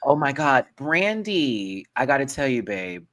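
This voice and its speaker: A man hosting a casual panel chat, sassy and animated, with quick asides. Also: medium pitch. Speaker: host.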